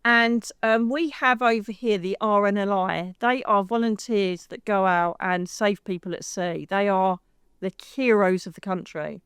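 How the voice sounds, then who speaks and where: English woman, middle-aged, animated storyteller, clear smooth voice, close dry sound, acts out quoted lines. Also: medium pitch, measured pace, no room sound. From United Kingdom. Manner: lively, acts out quoted voices, says "darling". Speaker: psychic medium guest.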